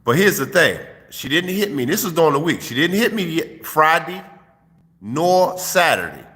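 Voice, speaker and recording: A man's voice: fairly high pitch, very animated, normal speed, pushed and bright, in a large hall. A man, host of his own channel, giving streetwise dating advice in a casual, profane vlog monologue into a phone. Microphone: phone held while filming.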